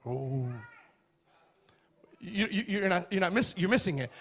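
A man preaching a sermon, emphatic and repetitive, building up to shouts. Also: high voice, big pitch swings, moderate pace, long pauses. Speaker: pastor.

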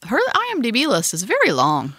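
A woman's voice: fairly high pitch, huge pitch swings, brisk, pushed and bright, dry recording, studio quality. A woman co-hosting a podcast about movies in casual chat, playful and teasing. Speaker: podcast co-host.

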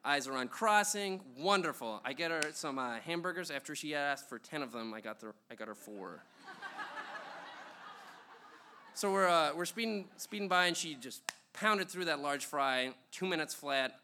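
A man's voice: fairly high pitch, lively intonation, moderate pace, pushed and bright. A young man telling a funny personal story at a live show, rambling with lots of ums and uhs and chuckles.

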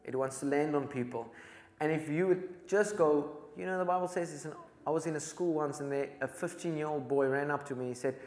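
A man's voice: fairly high pitch, a little fast. South African man telling faith stories. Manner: animated, earnest, laughs while telling stories. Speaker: evangelist. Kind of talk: casual storytelling testimony. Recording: echoey room.

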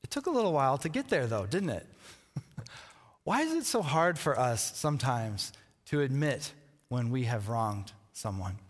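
A man's voice: medium pitch, sing-song, a little slow. Man preaching in a long-echoing hall. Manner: chatty storyteller who laughs at his own anecdote. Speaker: pastor. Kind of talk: conversational sermon with a personal story. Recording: long reverb from a large hall.

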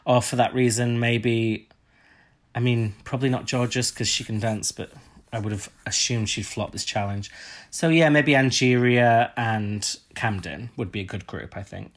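A man's voice: medium pitch, unhurried. A man co-hosting a podcast, chatting casually and swearing now and then. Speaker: podcast co-host. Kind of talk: casual chat.

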